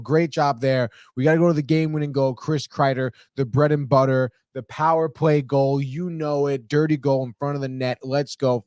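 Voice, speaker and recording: On a sports podcast, a male host runs through game highlights, excitable and foul-mouthed, dropping "dude" at every turn. The recording is clean studio audio with no room sound.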